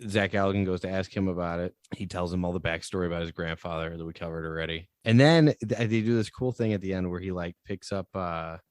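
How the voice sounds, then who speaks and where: A man's voice: sits low, quick pace, few pauses, no echo, clean studio sound. Rambling, laughing man reviewing a movie. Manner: rambling, laughs often, quotes movie lines in animated voices. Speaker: podcast co-host. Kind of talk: casual movie review chat.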